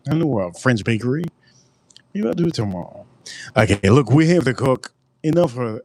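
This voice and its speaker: A man's voice: a little high, normal speed, darkish tone, no echo. A man hosting a casual livestream, rambling and joking with plenty of swearing. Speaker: livestream host.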